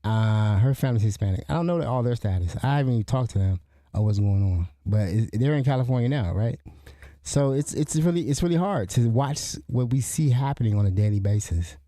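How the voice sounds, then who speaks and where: A middle-aged man hosts a podcast in a medium-pitched, mellow voice, talking fairly quickly and with animation. His casual commentary rambles and sounds indignant, with frequent restarts. The recording is dry and studio quality.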